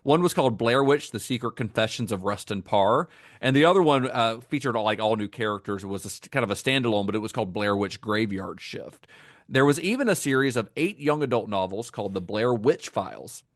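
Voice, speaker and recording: A man's voice: fairly low pitch, expressive, fairly quick, dry recording, clean studio sound. A man co-hosting a podcast, talking about films in a casual, enthusiastic way, with many fillers and restarts. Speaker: podcast co-host. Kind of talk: casual film discussion.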